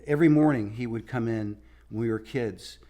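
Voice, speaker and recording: Halting man recalling his father. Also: medium pitch, dark tone. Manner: halting, many restarts and fillers. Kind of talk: documentary interview remembrance.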